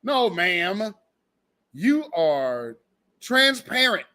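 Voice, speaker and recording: High-voiced man ranting bluntly. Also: extremely slow. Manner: blunt, animated, profane. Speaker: host. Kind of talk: casual commentary.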